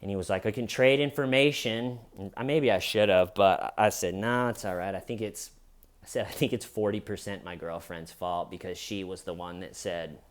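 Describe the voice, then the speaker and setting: Man retelling a story to camera. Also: normal speed. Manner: animated retelling, acting out quoted lines with higher pitch. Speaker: vlogger.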